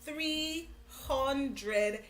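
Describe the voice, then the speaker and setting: A middle-aged Jamaican woman hosting a motivational live stream, talking in an animated way, repeating phrases and laughing often. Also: high voice, drawn-out words. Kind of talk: casual interview chat. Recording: echoey room with faint music.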